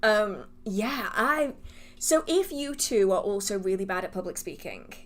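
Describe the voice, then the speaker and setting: A woman's voice: mid-range voice, animated, a little slow. A woman hosting a livestream Q&A, chatting casually with viewers, laughing often and restarting her sentences as she rambles in a self-deprecating way. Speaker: livestream host answering viewer questions.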